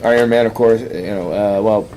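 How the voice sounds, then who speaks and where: A man casually recapping a comic on a podcast, rambling and acting out the characters' lines in quick voices. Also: fairly low pitch, fairly even intonation, warm tone, slight background noise. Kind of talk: casual chat.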